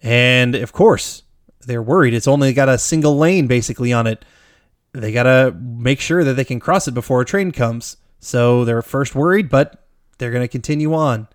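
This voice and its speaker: A man's voice: medium pitch, moderate pace, no room sound, studio quality. A man co-hosting a podcast, recapping a film in casual, rambling chat, swearing freely and laughing often. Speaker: podcast co-host.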